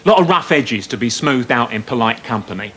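A man's voice: medium pitch, lively intonation, fairly quick, fairly bright tone, slight background noise, lightly acted. A man playing a bluff, boastful old salt. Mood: jovial. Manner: bluff, chummy, nudging innuendo. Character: hearty boastful ex-navy father full of innuendo. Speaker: visiting father, ex-sailor. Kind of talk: 1990s TV sitcom acting.

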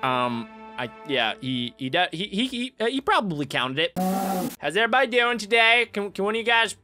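A young man commenting on a Minecraft game as a gaming YouTuber, excitable and jokey, with sudden high yelps. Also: fairly quick. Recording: game music playing clearly behind.

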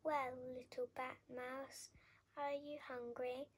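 A woman voicing a kindly, gentle male bat in a storybook. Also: high-pitched, level tone, slow pace, slightly rough, full character voice.

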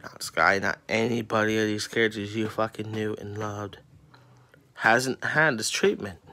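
A man's voice: lowish voice, steady tone, a little slow, bright, forceful tone. A teenage boy ranting about classmates in an angry, profane vlog, swearing constantly and sounding exasperated. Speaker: student venting on camera.

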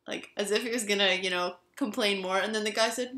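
A woman's voice: mid-range voice, fairly even intonation, fairly quick, few pauses, pushed and bright. A woman vlogger telling a story and musing aloud, with many "you know"s, in an echoey room. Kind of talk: reflective storytelling vlog.

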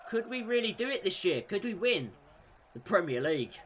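A young man with a high, bright voice, calling his football game as he plays. He yells when his side scores and grumbles low and fast when things go wrong. A faint hum sits behind him. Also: big pitch swings. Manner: swings between loud shouted celebration and muttered frustration. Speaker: gaming YouTuber. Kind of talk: excitable gameplay commentary.

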